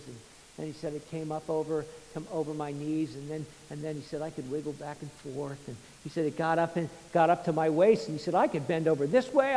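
A man preaching a sermon, retelling a story with many repeats and restarts, swinging between quiet and loud passages. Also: fairly high pitch, big-room sound, low-quality recording. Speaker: pastor.

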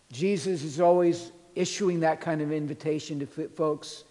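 A pastor preaching a sermon in a church, earnestly retelling scripture and quoting it in a softer voice. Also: male voice, fairly high pitch. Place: church sanctuary. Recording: long reverb of a large hall.

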